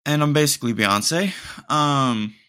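This young man hosting a podcast sounds a little high, bright, forceful and clean, speaking without hurry. His monologue is rambling and comedic, full of sarcasm and laughter at his own jokes.

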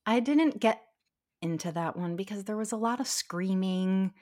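A woman's voice: mid-range voice, moderate pace, mellow. A woman who is a guest on a podcast, talking in a candid, rambling way with many restarts. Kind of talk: casual chat.

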